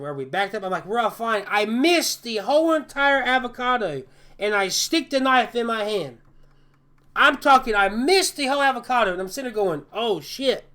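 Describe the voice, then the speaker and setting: High, bright-voiced man telling stories. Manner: animated, repeats and restarts words while telling stories. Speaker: chef. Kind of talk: casual podcast storytelling.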